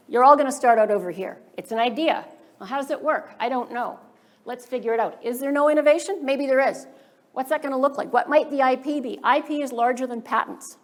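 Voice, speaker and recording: A woman giving a workshop presentation to startup founders as a government funding advisor, briskly posing rhetorical questions to the audience. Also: high-pitched. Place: business school event room.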